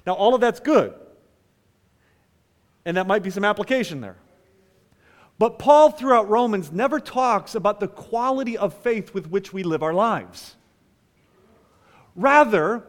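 Man, pastor, sermon, unhurried delivery, loud-to-hushed swings, long hall reverb. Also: sits high. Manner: dramatic swings between loud emphasis and hushed asides.

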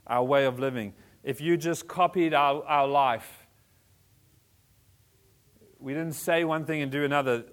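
A man in his forties preaching a sermon as a pastor, animated, joking with the congregation and swinging between soft and loud. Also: medium pitch. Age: 40s. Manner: animated, varies loudness, jokes with congregation.

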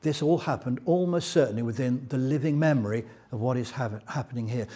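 A man preaching a Bible teaching sermon, retelling scripture in a lively storytelling way. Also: mid-range voice, brisk, few pauses, breathy edge.

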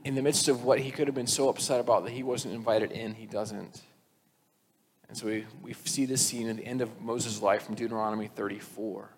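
A man preaching a sermon in a conversational, animated storytelling way, sometimes acting out the people in the story. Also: on the low side, a little fast. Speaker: pastor. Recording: long reverb with faint noise.

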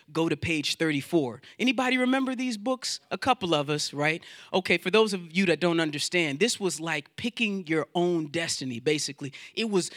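Bright high-voiced male pastor preaching. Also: dry recording, clean studio sound. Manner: animated preaching, voices inner doubts and quotes scripture, repeats words. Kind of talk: sermon. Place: church sanctuary.

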